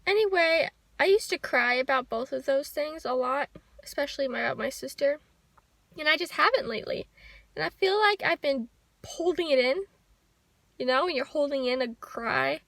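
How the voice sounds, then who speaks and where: A young woman speaks to her camera in a personal vlog, soft, reflective and heartfelt. Her voice sits high and bright with a touch of gravelly fry. The sound is dry and close. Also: no echo. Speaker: vlogger. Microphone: handheld camera.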